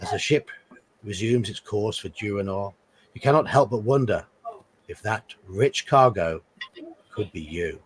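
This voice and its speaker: A man's voice: on the low side, a little slow, pauses often, a little hiss or hum. A man hosting a live playthrough, reading a gamebook aloud with casual asides and chuckles.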